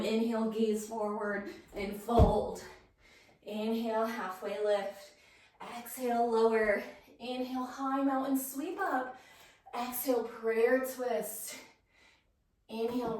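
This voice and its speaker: A woman leads a yoga flow, calling out breaths and poses at an unhurried pace with encouraging asides. She sounds a little out of breath as she moves. Her voice rings with heavy room echo and comes from a little way off the mic. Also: on the high side. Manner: encouraging, cueing each breath and pose. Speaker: yoga instructor. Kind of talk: guided yoga class cues. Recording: roomy echo, voice from a distance.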